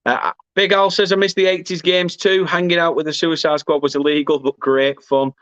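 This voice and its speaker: A man's voice: fairly high pitch, fairly even intonation, normal speed, a bit bright, no room sound, dull audio. A man hosts a football fan watchalong, reading viewer comments aloud and chatting casually in a rambling, self-deprecating way.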